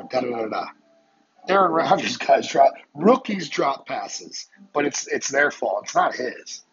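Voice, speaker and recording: A man's voice: mid-range voice, animated, soft background music. Heated profane man ranting on a podcast. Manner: heated, profane, rapid-fire rhetorical questions. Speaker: podcast host. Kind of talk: solo sports rant. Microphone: phone. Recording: muffled lo-fi audio with crowd noise behind.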